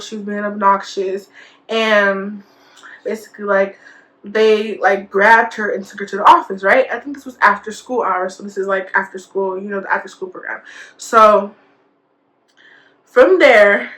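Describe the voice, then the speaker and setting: A woman's voice: mid-range voice, steady tone, moderate pace, bright, forceful tone. A young woman vlogger telling a school story in a casual, chatty way, full of fillers and quoted dialogue. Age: young adult.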